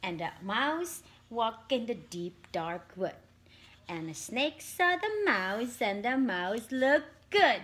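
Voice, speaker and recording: Mom reading a kids story out loud, slow, sing-song, lively pitch. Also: female voice. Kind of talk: storybook narration.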